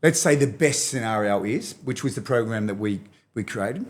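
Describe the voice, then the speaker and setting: An Australian man talking as a podcast guest and movement expert, energetic and animated, coaching the host as he explains. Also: lowish voice, moderate pace. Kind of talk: enthusiastic podcast interview talk.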